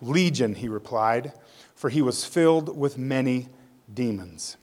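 A man's voice: mid-range voice, animated, unhurried, darkish tone. Male pastor, sermon, scripture storytelling, casual asides, prayer.

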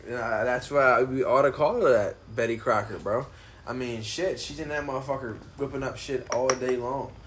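In his apartment, a man hosts a laid-back podcast, rambling loosely and swearing a lot. His mid-range voice moves at a moderate pace with a slightly bright edge.

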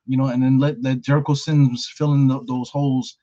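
A man hosting a casual sports chat show, animated and swearing freely, often repeating his words. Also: medium pitch, fairly quick, muffled recording. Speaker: podcast host.

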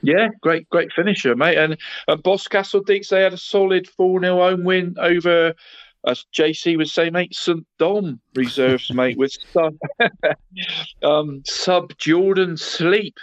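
A man's voice: sits high, steady tone, measured pace, no room sound. Chatty man reading football results. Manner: says "mate" and "Deeks" after nearly every phrase. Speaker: local football results presenter. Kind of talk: casual radio sports chat. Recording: slightly muffled, dry studio sound.

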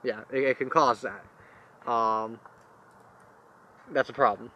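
A man's voice: mid-range voice, steady tone, slow pace, pushed and bright, muffled recording. A young man co-hosting a casual podcast chat, rambling through explanations with many fillers. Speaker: podcast co-host.

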